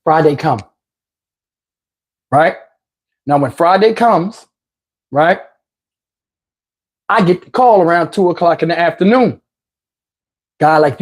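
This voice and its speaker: An animated middle-aged man telling a comic story from his own life. He talks loose and slangy and stops often to restart. He breaks off to address the people watching him. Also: on the high side, husky. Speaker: vlogger telling a personal story.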